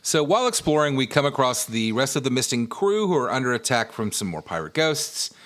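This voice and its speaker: A man's voice: medium pitch, big pitch swings, brisk, fairly bright tone. A man co-hosting a casual podcast, recapping a video game's plot in a loose, joking way. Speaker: podcast co-host recapping a game.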